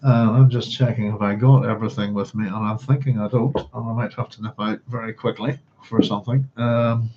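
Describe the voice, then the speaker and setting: A man's voice: lowish voice, little pitch movement, brisk, hardly any pauses, warm tone, a little hiss or hum. Rambling man hosting a book club. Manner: rambling, chatty, hums to himself. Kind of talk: casual livestream chat and reading. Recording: slightly dull lo-fi stream audio.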